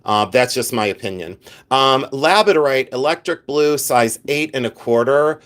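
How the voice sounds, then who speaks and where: A man's voice: medium pitch, expressive, normal speed, a bit bright. A man hosting a live vintage jewelry sale, chatting casually and rambling as he answers viewers by name, joking at his own expense. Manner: self-mocking with bursts of playful laughter. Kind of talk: casual livestream selling chat.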